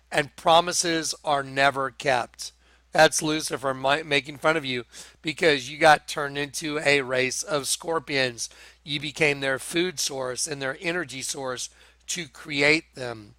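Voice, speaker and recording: A man preaching an online show-and-tell monologue, talking slowly and emphatically, repeating phrases and calling his viewers folks. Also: on the high side, pushed and bright, no echo. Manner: repetitive, insistent, addresses viewers as folks.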